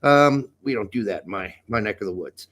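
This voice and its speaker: A man's voice: on the low side, lively intonation, brisk, a bit bright. A middle-aged man co-hosting a casual podcast, riffing in joking, profane banter. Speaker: podcast co-host. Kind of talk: casual chat.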